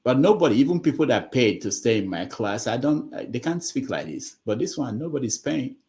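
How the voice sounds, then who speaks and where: A man's voice: medium pitch, big pitch swings, fairly quick, a little mellow. A man hosting an online call-in forum, scolding callers in an exasperated, moralizing way. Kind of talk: lecturing call-in talk.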